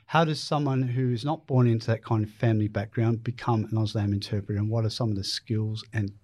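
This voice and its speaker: Man hosting an interview, measured. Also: on the low side, fairly even intonation, darkish tone. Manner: measured, curious questioner. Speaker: show host. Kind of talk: interview questions.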